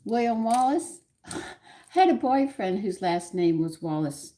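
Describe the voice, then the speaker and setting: A woman's voice: lowish voice, very animated, unhurried, mellow. A woman hosting a home cooking livestream, chatting with viewers, her pet and herself as she works in her kitchen. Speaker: cooking show host. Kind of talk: casual cooking livestream chat. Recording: noisy kitchen with clattering dishes.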